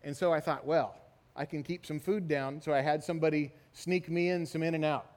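High-voiced man preaching in echoing hall. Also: moderate pace. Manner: animated storytelling, repeated "right?" tags. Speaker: pastor. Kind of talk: sermon. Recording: long hall reverb.

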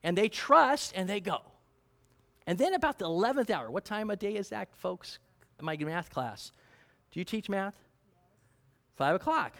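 A man's voice: high voice, gravelly, a bit bright. A man preaching a sermon in a conversational way, often asking his congregation questions. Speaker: pastor.

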